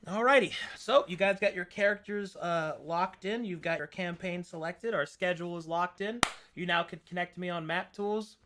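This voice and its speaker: A man's voice: high voice, normal speed, a bit bright, a little hiss or hum. A man running a tabletop game as game master, talking in casual, laid-back chat and swearing freely.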